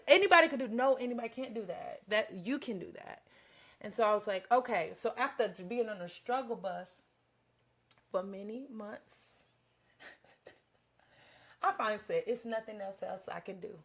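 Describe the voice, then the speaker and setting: A woman's voice: medium pitch, a little slow, long pauses. A woman co-hosting a podcast, chatting casually about faith and acting out her own prayers as she tells a story. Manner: animated storytelling, acts out prayers to God. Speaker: podcast co-host. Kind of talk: casual faith-based chat.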